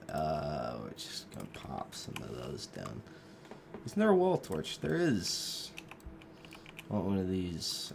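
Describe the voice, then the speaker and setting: A man's voice: low voice, vocal fry, a little mellow, a little hiss or hum. A sick young man with a cough, giving rambling, joking gameplay commentary into a desk microphone and drifting off mid-thought. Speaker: gaming video creator.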